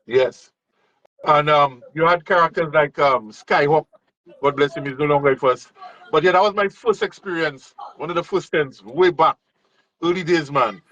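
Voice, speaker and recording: A man hosting a casual interview from overseas, speaking in a relaxed, encouraging way with frequent restarts. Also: a little high, normal speed, lo-fi sound. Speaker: host. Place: overseas, remote.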